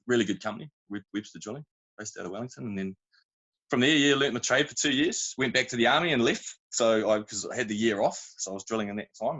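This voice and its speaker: Poor audio captures a lowish, somewhat bright voice. This New Zealand-accented man, a guest on a podcast, chats casually, telling long, slangy stories that wander and break off into asides.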